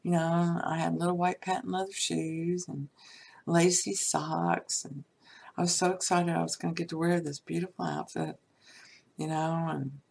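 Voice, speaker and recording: A woman casually telling a personal story from her life to her viewers, chatty with many asides and soft laughs. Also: fairly low pitch, vocal fry.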